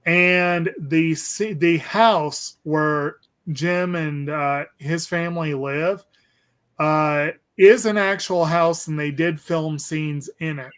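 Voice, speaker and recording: A man's voice: on the high side, slow, fairly bright tone, clean tone. A man hosting a casual movie discussion, rambling and hesitant with lots of ums and restarts. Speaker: podcast host.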